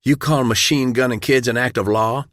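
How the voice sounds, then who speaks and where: Guy doing a mad minister man, sharp and indignant, dry sound. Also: medium pitch, steady tone, normal speed, dry recording, pitched above the performer's own voice, lightly acted. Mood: outraged. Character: outraged male minister, usually gentle.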